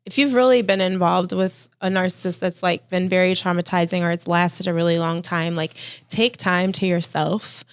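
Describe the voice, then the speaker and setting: Woman, podcast co-host, earnest and emphatic, smooth clear tone. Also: fairly low pitch, fairly even intonation, moderate pace, hardly any pauses, no room sound. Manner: earnest, emphatic advice-giving. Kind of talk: casual podcast chat.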